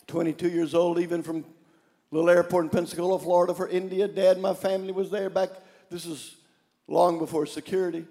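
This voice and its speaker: Older male preacher, fervent shouted refrains, high-pitched, church reverb. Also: level tone, a little fast. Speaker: pastor. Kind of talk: sermon. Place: church sanctuary.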